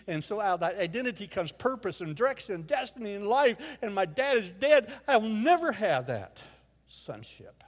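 A man preaching a sermon as a guest speaker in a church, telling a personal story with emotional swings from hushed to loud. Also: high voice, sing-song, normal speed. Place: church sanctuary. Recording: long hall reverb.

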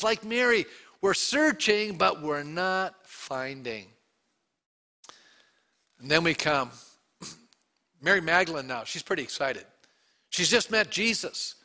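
A man, a pastor, preaching an Easter sermon to his congregation, telling the story with animated asides and questions to the room. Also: high voice. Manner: animated storytelling, acting out quotes.

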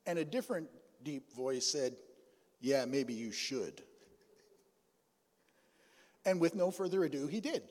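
A male pastor telling a personal story during a sermon, in a folksy, conversational way with pauses and asides. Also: a little high, darkish tone, long reverb tail. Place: church sanctuary.

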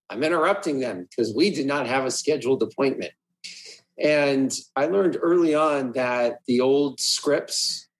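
A man's voice: mid-range voice, low-quality recording. A man, a realtor guest in an interview, animatedly acting out what he says at the door and laughing often. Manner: animated, acts out his door-knocking lines, laughs often. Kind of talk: casual interview storytelling.

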